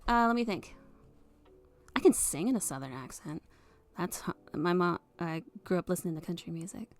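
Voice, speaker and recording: A woman in her thirties from the US Midwest, chatting casually on a live stream in a soft, hesitant way with many fillers and giggles. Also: fairly low pitch, lively intonation, moderate pace, soft background music.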